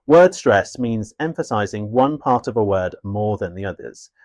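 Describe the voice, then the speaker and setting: Low-voiced man giving a scripted lesson. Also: expressive, a little mellow. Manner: clear, measured, instructive delivery. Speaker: English teacher. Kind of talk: scripted teaching narration.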